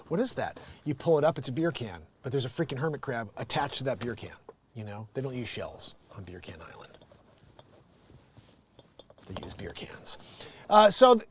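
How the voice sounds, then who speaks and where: A middle-aged man hosting a comedic news show, riffing on stories and jumping into loud impressions. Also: on the high side, no room sound. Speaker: show host.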